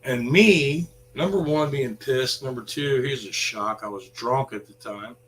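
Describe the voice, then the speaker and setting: A man's voice: mid-range voice, unhurried, a bit bright, slight background noise, rough recording. A man ranting in a blunt, sarcastic vlog monologue, swearing freely. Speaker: vlogger.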